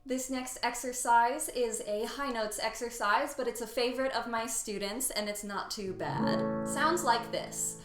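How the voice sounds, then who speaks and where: A woman teaching a singing warm-up lesson, patient and encouraging, demonstrating vowels by singing them. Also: on the high side, unhurried, hardly any pauses. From Ohio, United States. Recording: roomy sound with loud piano accompaniment.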